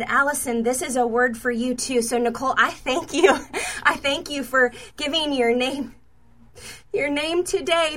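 A woman's voice: sits high, pushed and bright. A woman minister giving spontaneous prophetic words and prayer to named viewers, fervent and repetitive with many stammered restarts.

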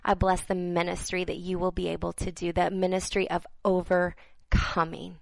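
A woman delivering prophetic words to viewers as a minister, earnest and halting, repeating phrases for emphasis and dropping into soft, near-whispered passages. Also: lowish voice, completely flat delivery, creaky, dry recording, poor audio.

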